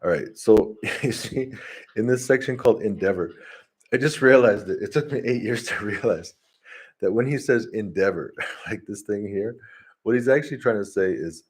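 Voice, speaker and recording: A man talks through his thoughts in a loose, rambling monologue, laughing often and breaking off to restart sentences. His voice sits fairly low and has a husky edge. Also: moderate pace, a little mellow. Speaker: vlogger. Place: home, talking to his dog.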